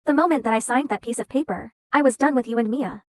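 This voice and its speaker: Brief: a young divorcée from a dubbed drama, curt and clipped, a little high, close and dry. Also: female voice, fast talker, a little mellow, no echo. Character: newly divorced young woman, bitter and defiant. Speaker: lead actress in a dubbed short drama.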